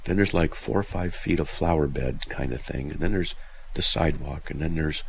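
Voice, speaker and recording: A man hosting a call-in radio show, telling stories in an animated way, often laughing and acting out other people's shouting. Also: extremely low pitch, normal speed, gravelly, a little hiss or hum. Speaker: radio host. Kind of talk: casual storytelling on call-in radio.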